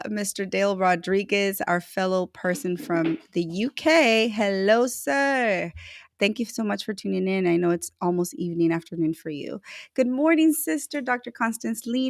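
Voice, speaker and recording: A woman hosting a live online show, chatting warmly with viewers, effusive and quick to laugh. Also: mid-range voice, no echo, studio quality. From Chile. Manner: bubbly, effusive, laughs often. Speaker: livestream host. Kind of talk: casual livestream chat.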